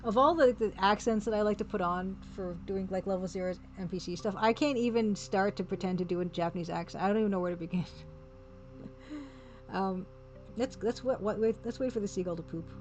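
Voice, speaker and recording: A woman's voice: mid-range voice, brisk, darkish tone, soft background music. Amused woman streamer thinking aloud. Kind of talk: let's play commentary.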